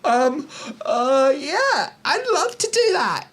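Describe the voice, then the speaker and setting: A man's voice: sing-song, slow, a bit bright, full character voice. Man putting on a whiny, panicky comedian. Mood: meek. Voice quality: high and whiny. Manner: mocking impression. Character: timid whiny male comedian, panicky and pleading.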